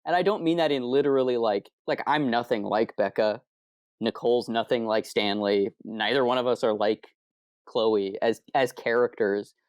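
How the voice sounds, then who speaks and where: A man's voice: mid-range voice, moderate pace, smooth, dry recording, clean studio sound. A man from Arizona, a comic book co-creator, chatting loosely in an interview, rambling and correcting himself. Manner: rambling, self-correcting, candid. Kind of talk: casual interview chat.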